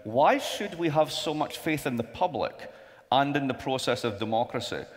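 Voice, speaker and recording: A man's voice: mid-range voice, animated, normal speed. A man moderating a conference panel, conversational and wry, with asides. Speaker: moderator, professor. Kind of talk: onstage panel interview. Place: large conference hall. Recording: long hall reverb.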